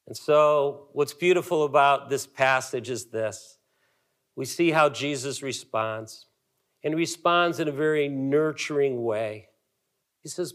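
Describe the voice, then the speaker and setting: A man in his fifties, a pastor delivering a sermon emphatically, with dramatic pauses and repetitions. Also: a little high.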